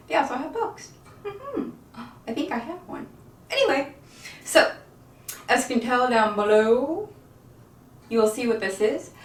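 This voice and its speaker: In her home kitchen, a woman who vlogs about baking talks casually to camera, rambling and often giggling. She's folksy and self-deprecating, lets slip the odd mild curse, and her voice is on the high side.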